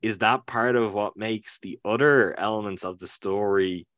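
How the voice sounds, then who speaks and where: A man's voice: fairly low pitch, moderate pace, a bit bright, dry recording, clean studio sound. A man co-hosting a casual talk show, rambling with many fillers and restarts as he thinks aloud. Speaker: podcast co-host. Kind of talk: casual discussion.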